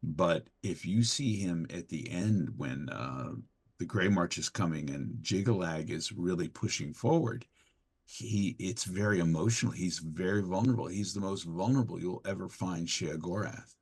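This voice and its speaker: Husky guy, lowish voice, voice actor spinning big theatrical stories. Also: normal speed. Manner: animated, theatrical anecdotes. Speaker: guest voice actor. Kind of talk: interview storytelling.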